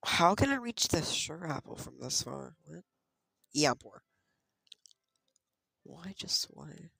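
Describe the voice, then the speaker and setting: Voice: mid-range voice, big pitch swings, slow, gravelly, sharp tone, slightly rough, no echo, clean studio sound. A streamer chatting casually over gameplay, muttering item names in sing-song repeats and talking to themself.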